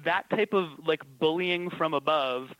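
A man's voice: on the high side, measured pace, no room sound, muffled recording. A man who works as a comedy writer, chatting casually and telling stories with plenty of laughter. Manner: animated storytelling with frequent laughs. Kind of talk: casual chat.

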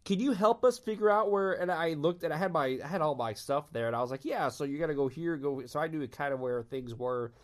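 A man from Texas telling fan anecdotes in casual chat, animated and laughing often as he acts out quotes. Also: medium pitch, quick pace, hardly any pauses.

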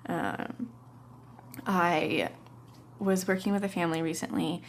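A woman's voice: on the low side, steady tone, slow pace, slight background noise. Woman telling a parenting story. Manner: storytelling, acts out kids and parents in quotes. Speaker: parenting podcast host. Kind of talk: casual podcast talk.

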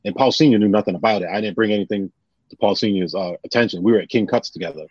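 A man telling personal stories on a podcast in an animated, casual way, often acting out what others said. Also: fairly low pitch, racing, husky, no room sound. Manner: animated, retells scenes with quoted voices. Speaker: guest. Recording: dull lo-fi sound.

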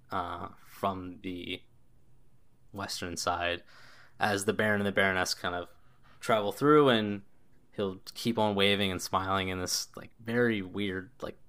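Low-voiced man narrating a tabletop game. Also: steady tone, measured pace, fairly bright tone. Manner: loose, descriptive narration with frequent "like" and "kinda". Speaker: game master.

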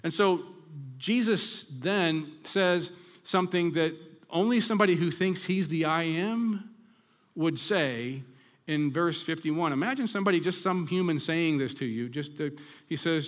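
A man preaching a sermon as pastor, reading scripture aloud with emphatic, dramatic slowdowns. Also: a little high. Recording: long reverb of a hall.

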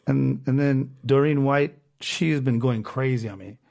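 A man's voice: mid-range voice, a little slow, gravelly, a little mellow. A man hosting a podcast, ranting casually and with lots of swearing while reading comments aloud. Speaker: podcast host.

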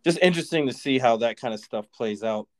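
A man's voice: mid-range voice, fast. A man with a Boston accent chatting easily as co-host of a racing talk show. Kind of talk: casual chat.

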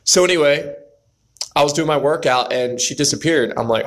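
A man's voice: on the high side, moderate pace. A man tells his viewers about a moment at the gym, turning it into a pep talk. He keeps tossing in "right?" and speaks straight to the guys watching. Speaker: vlogger. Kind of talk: casual motivational storytelling.

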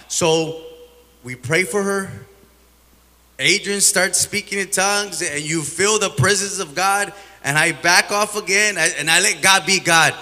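A man giving a halting, rambling testimony in church that grows fervent as he tells it. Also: sits high, bright, forceful tone, big-room sound. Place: church sanctuary.

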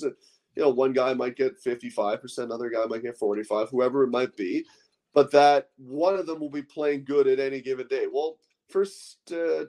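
A man with an ordinary mid-pitched voice talks as a podcast guest. He works through his sports analysis in loose, rambling sentences, full of 'you know' and 'like'. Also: a little mellow.

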